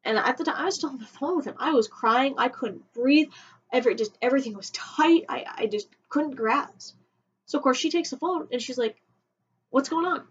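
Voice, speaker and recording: A woman telling a personal story on a vlog, emotional and halting, often restarting her sentences. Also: sits high, breathy edge. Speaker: vlogger. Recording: dull lo-fi home recording.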